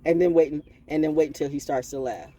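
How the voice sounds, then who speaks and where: A woman's voice: low voice, fairly even intonation, fast talker, mellow. A woman hosting her own channel as an oracle reader, ranting in a blunt, profane and preachy freestyle way. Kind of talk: freestyle livestream rant.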